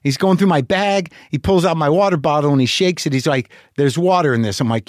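A man's voice: fairly high pitch, a little fast, few pauses, no echo, clean studio sound. A man hosting a show, telling a long rambling story full of swearing and self-deprecation. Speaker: podcast host. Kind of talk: monologue.

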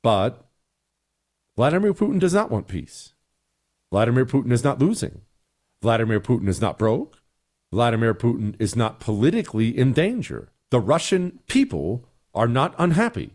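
A man's voice: medium pitch, very animated, normal speed, a little mellow. A middle-aged man hosting a talk show, giving emphatic, sarcastic opinions and answering listener emails. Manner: emphatic, sarcastic, repeats points.

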